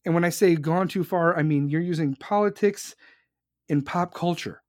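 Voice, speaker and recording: A man's voice: a little high, moderate pace, dry recording, studio quality. A young man hosting a show, ranting angrily and profanely about politics, heated and emphatic. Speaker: podcast host. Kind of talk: angry political rant.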